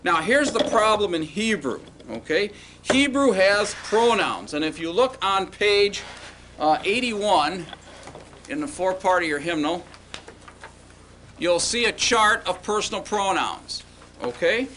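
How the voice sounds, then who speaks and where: A man with a high-sitting, bright, forceful voice speaks animatedly and a little slowly, with slight background noise. Teaching a Hebrew grammar class, he drills students with call-and-response repetition and checks in often with "okay" and "all right."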